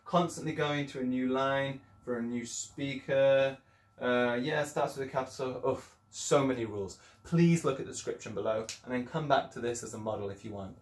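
A man's voice: mid-range voice, normal speed, roomy sound. A man teaching children an English lesson in a chatty, encouraging way, explaining things step by step. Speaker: primary school teacher.

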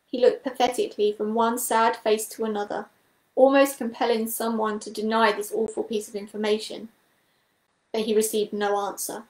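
A woman's voice: on the high side, little pitch movement, normal speed, darkish tone. Woman reading a storybook in an echoey room. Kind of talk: reading a children's book aloud.

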